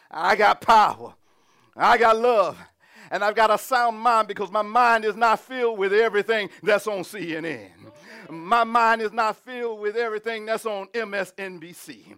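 A man preaching a sermon, reading scripture and building to shouted, humming, laughing exclamations. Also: sits high, fairly even intonation, normal speed, clear, resonant tone.

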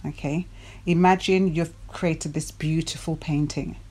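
Her voice is low and steady, a little slow and a little mellow. She is a female dating and self-development coach motivating her viewers, using rhetorical questions and repeated key words for emphasis.

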